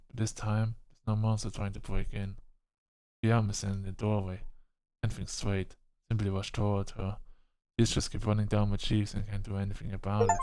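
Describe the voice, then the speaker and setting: A man narrating a visual novel in a plain, even reading voice. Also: on the low side, dry recording, studio quality. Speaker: game narrator.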